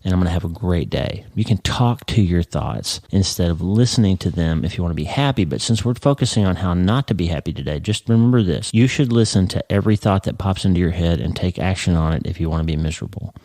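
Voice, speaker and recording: A middle-aged man hosting a podcast, talking earnestly about happiness and acting out people's inner thoughts with rising excitement. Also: low-pitched, quick pace, hardly any pauses, no room sound. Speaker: podcast host. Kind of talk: motivational podcast talk.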